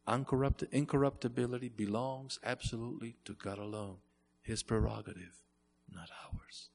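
A man's voice: medium pitch, fairly even intonation, normal speed, vocal fry, a little mellow, in a large hall, slight background noise. A man preaching a sermon in an earnest way, repeating phrases and rising to emphatic bursts.

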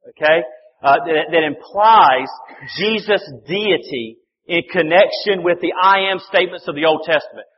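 A man's voice: on the high side, husky. A man preaching a sermon, earnest and conversational, often calling his listeners folks. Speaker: pastor. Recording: dull sound with long reverb in a hall.

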